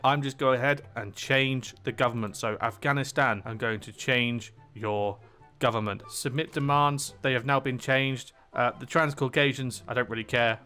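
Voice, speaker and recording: A young man talks through a strategy game in a loose, chatty way, drifting between asides and quips and laughing at his own jokes. His voice sits at a middling, everyday pitch. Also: sharp tone. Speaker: gaming channel host. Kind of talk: casual strategy game commentary.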